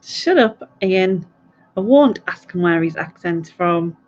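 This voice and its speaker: A woman's voice: lowish voice, lively intonation, slow pace. A woman hosts a casual quiz stream. She rambles through stories and laughs often. Her voice comes through dull, lo-fi audio. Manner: chatty, rambling, laughs a lot. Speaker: quiz host. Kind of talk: casual live stream chat.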